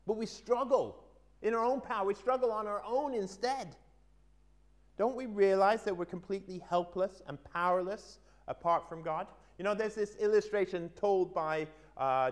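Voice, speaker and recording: A male preacher delivering a sermon in a slightly high voice. He tells his illustration earnestly, rising for emphasis and dropping into quiet asides. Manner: earnest storytelling, swinging between lively emphasis and quiet asides.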